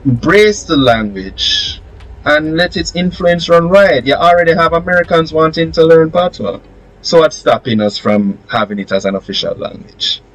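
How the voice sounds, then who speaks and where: A man talks in a relaxed podcast chat. His voice sits a little high and swings widely in pitch. He builds his argument through one rhetorical question after another. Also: normal speed, low-quality recording. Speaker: podcast host. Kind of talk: casual podcast discussion.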